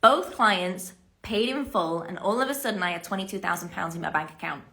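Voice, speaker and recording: A British woman in her thirties, a spiritual coach telling her own story to camera in a lively, casual way with frequent swearing. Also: lowish voice. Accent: British English. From United Kingdom. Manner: animated, swears freely, quick asides.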